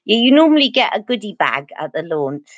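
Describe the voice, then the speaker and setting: Woman, Essex accent, chatty live makeup vlog, mid-pitched voice, dry close sound. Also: big pitch swings, brisk, no echo, highs cut off. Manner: chatty, reads out and answers viewer comments. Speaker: beauty vlogger. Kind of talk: live makeup tutorial chat.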